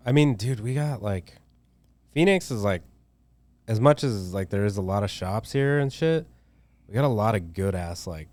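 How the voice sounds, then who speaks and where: A man's voice: fairly low pitch, lively intonation, moderate pace, long pauses, a little mellow, no echo. A young man, a tattoo artist, chatting loosely on a podcast with lots of slang, swearing and filler words. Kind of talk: casual podcast chat.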